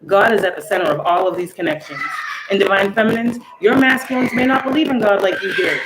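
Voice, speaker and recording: Woman tarot reader, emphatic preachy delivery, echoey room, steady background noise. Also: mid-range voice, quick pace. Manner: emphatic, preachy, swings between loud outbursts and soft asides, swears. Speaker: tarot reader and spiritual channeler. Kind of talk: casual spiritual tarot reading to camera.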